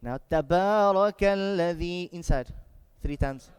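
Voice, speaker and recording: High-voiced man teaching in a reverberant hall. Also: expressive, a little mellow, smooth. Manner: instructive, repeats words slowly and drawn out. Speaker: Quran memorisation teacher. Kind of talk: leading group recitation drills.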